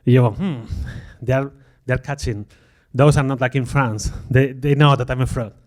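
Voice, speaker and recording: Speaking at a moderate pace in a mid-range voice, this middle-aged conference speaker shares a self-deprecating personal anecdote. He's animated throughout and performs his own inner thoughts as quotes.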